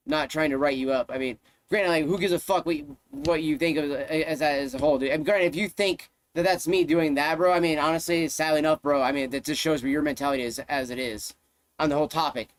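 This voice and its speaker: A man's voice: on the high side, steady tone, fast. A man live-streaming, ranting to his chat in a heated, profane way, often repeating himself.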